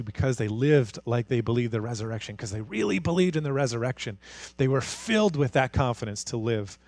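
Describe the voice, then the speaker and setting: A man preaching a sermon as pastor, moving from hushed, intimate passages to fired-up, rising declarations. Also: mid-range voice, no room sound. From Canada.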